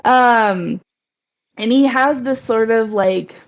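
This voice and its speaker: A woman narrating a tabletop game as game master, hesitant and full of pauses. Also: on the high side. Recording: dull lo-fi recording.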